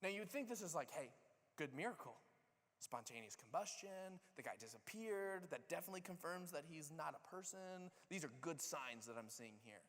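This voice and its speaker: At a moderate pace, a pastor tells a sermon story in a lively, relaxed manner, voicing each character's lines himself. His slightly high voice rings through the church sanctuary with a large hall's long reverb.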